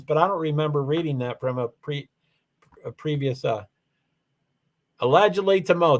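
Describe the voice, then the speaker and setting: Male livestream host, slightly high-pitched, loose and rambling, reads out chat and clicks through settings. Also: animated, moderate pace. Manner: rambling, repeats "allegedly", frequent restarts; talks through software settings step by step. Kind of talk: casual livestream chat, reading comments.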